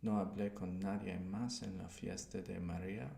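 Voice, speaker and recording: A man's voice: sits low, fairly even intonation, moderate pace, vocal fry, warm tone. A man learning a new language on a live stream, hesitantly and carefully repeating phrases after his tutor.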